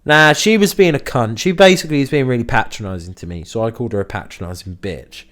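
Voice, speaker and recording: A man's voice: mid-range voice, fast talker. Sweary young man telling stories. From Liverpool area, England. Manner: sweary, animated anecdote-telling with acted quotes. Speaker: podcast host. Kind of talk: casual chat, storytelling.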